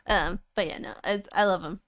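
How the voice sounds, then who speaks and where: A woman's voice: lowish voice, fairly quick, a bit bright, no room sound. A woman co-hosting a podcast, chatting casually, laid-back, swearing freely and laughing often. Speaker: podcast co-host. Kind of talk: casual chat.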